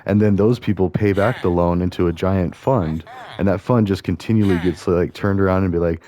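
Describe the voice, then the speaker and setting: A man's voice: sits low, fairly even intonation, fast talker, mellow. A man hosting a gameplay video, thinking aloud in loose, meandering casual talk full of fillers and restarts. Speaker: host playing a video game. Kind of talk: casual rambling commentary over gameplay.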